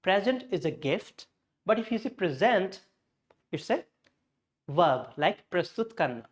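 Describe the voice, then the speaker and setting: This is an English teacher giving a pronunciation class, moving step by step with Hindi glosses and self-corrections along the way. He has a high-pitched, sing-song voice and keeps a measured pace.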